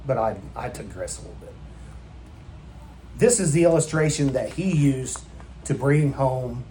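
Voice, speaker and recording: A pastor preaches a sermon in church, emphatic and firing rhetorical questions at the congregation. His mid-range voice is animated, unhurried and dark in tone, with slight background noise.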